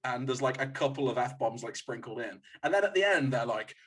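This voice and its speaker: A man on a film podcast panel, talking in an animated, exasperated way in casual roundtable chat. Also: mid-range voice, a little fast, slightly rough.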